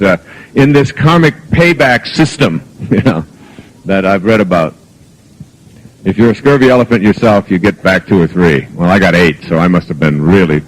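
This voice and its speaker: A middle-aged man giving a live seminar talk as a motivational speaker, telling humorous stories with chuckles and moving between soft and emphatic delivery. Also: mid-range voice, low-quality recording. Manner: humorous anecdotal storytelling with chuckles.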